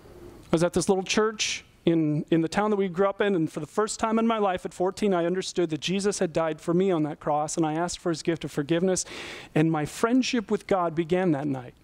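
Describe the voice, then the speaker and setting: High-voiced male pastor preaching. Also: fairly quick, darkish tone, no room sound. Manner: earnest, conversational preaching with rhetorical questions. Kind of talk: sermon.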